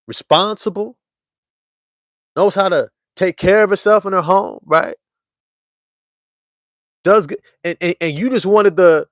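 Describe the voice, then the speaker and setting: A man hosting a casual basketball fan show, talking to his live chat in animated slang and repeating lines for emphasis. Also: no room sound, clean studio sound. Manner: animated storyteller, swings from loud hype to low murmur. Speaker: sports show host.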